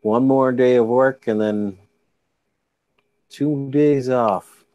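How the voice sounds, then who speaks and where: A man's voice: medium pitch, slow pace, darkish tone, dry recording, lo-fi sound. A tired man in laid-back chat, hosting a fishkeeping livestream from home and reading viewer comments aloud. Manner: laid-back, drawling, jokey. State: tired, yawning. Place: home, during a video-call livestream. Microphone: computer mic.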